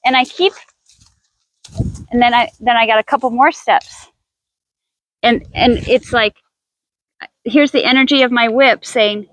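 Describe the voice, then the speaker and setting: A woman's voice: a little high, normal speed, pauses often, a bit bright, no room sound, rough recording. A woman horse trainer teaching outdoors in a riding arena, chatty and thinking aloud with restarts as she coaxes her horse.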